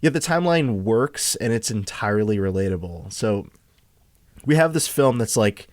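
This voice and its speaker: A man's voice: on the low side, expressive, moderate pace, darkish tone, no room sound, clean studio sound. A man co-hosting a podcast, talking through a film in casual chat, rambling and full of fillers and restarts. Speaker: podcast co-host.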